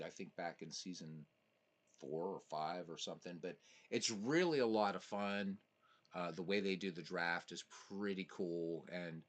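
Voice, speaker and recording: A man hosting a casual live stream of a baseball sim, calling results and chatting with viewers as he reads their messages. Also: fairly low pitch. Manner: chatty, reads chat messages aloud, excitable asides. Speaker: livestream host playing a baseball sim.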